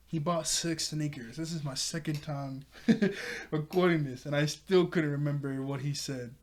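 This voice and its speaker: Casual male reviewer, higher pitch, chatty, laughs mid-line, restarts a lot and jumps up when quoting characters. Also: steady tone, unhurried. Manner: restarts and self-corrections. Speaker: show reviewer.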